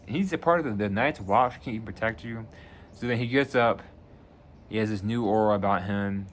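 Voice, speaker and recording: A man casually reviewing a TV season on his channel, retelling scenes with lively energy and acting out lines. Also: fairly low pitch, fairly quick, slight background noise. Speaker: video reviewer.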